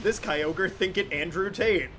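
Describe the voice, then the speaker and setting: A man's voice: high-pitched, unhurried, background noise. A man giving casual, joking commentary while streaming a game, laughing often.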